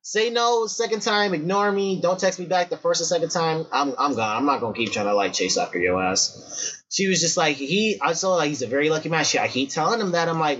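A man's voice: a little high, animated, fairly quick, a bit bright. A young man hosting a casual podcast chat, telling stories in slangy, profane talk and acting out quoted lines. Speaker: podcast host. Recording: dull lo-fi recording.

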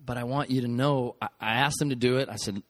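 A man's voice: mid-range voice, steady tone, quick pace, no room sound. A man, a pastor, speaks to his congregation in a conversational, candid way, with a few stumbles. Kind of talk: addressing a congregation.

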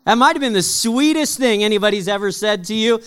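A man with a notably high voice preaches a sermon in a church auditorium. His delivery is conversational and lively, with jokes for the room. For serious points it drops to a hushed, lower tone. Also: fairly quick, clean tone. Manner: drops to a soft, low voice for weighty points. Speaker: pastor. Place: church auditorium with live audience.

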